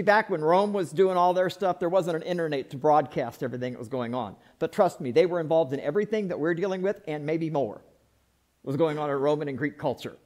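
Emphatic man with a high voice preaching. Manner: emphatic, repetitive preaching with sudden swings in loudness. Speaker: pastor. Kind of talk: sermon.

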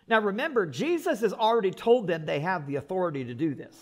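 High-voiced man preaching a sermon. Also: quick pace. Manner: animated, repeats words, joking asides. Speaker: pastor.

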